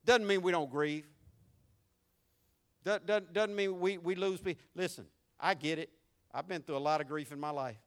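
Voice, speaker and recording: A man preaching a sermon as pastor, swinging between loud, raised lines and hushed, low ones, folksy and conversational with the congregation. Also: normal speed, long pauses. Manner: preaching with sweeping shifts between shouted and hushed delivery.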